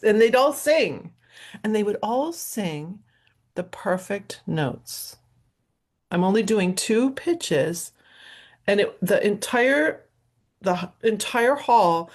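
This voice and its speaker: A middle-aged woman hosting her show, talking in a casual, rambling solo monologue with frequent laughs. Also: lowish voice. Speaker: host and professional violinist.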